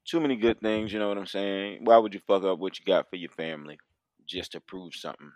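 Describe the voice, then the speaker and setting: A man co-hosting a casual podcast chat, laid-back and agreeable, quick to laugh. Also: deep voice, steady tone, a little mellow, no room sound, clean studio sound. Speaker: podcast co-host.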